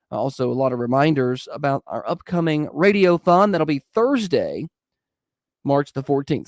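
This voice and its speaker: A man's voice: a little high, darkish tone, no room sound, studio quality. A male morning radio host with a nasal, stuffy voice and sniffles, chatting casually and rambling through announcements.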